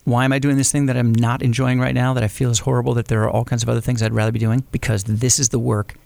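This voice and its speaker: A man with a mid-pitched, gravelly voice thinks out loud in a casual co-host conversation. He often chimes in with quick yeses. The recording is close and dry. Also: flat delivery, no echo. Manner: reflective, frequent quick agreement. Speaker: podcast co-host. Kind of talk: casual conversation about creative work.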